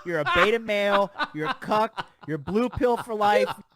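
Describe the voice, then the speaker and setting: A man's voice: high voice, animated, normal speed, crowd noise, pitched above the performer's own voice. A man voicing a mocking male troll from the chat, taunting and sneering.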